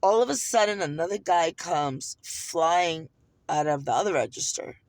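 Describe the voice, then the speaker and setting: A woman's voice: fairly low pitch, animated, moderate pace, darkish tone, no room sound. An American woman ranting in a casual vlog, swearing heavily and sounding heated and indignant. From United States. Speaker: vlogger. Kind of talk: casual storytelling rant.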